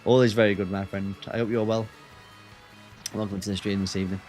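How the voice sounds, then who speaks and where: A man's voice: fairly low pitch, little pitch movement, brisk, a little mellow, faint music behind. A man, chatting casually and swearing as he streams a racing game. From Northwest England. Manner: chatty, banters with chat, swears. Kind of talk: casual gaming stream chat.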